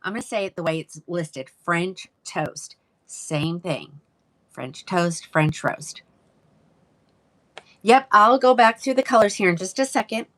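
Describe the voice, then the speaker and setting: A woman's voice: medium pitch, a little slow, a bit bright. A woman hosting a live wig sale, chatting casually and greeting viewers by name. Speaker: live-selling wig seller. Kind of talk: casual livestream sales chat.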